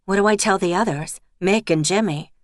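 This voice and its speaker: A woman's voice: medium pitch, brisk, dry recording, clean studio sound, natural voice. A woman voicing a young female pub owner who speaks directly and a little impatiently.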